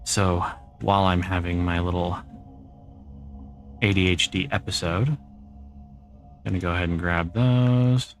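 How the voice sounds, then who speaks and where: A middle-aged man with a low, gravelly voice, talking in a relaxed, chatty way as he plays a game on stream. He answers viewers in an easygoing tone, with soft music under him. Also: unhurried, pauses often. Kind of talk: casual gameplay chat.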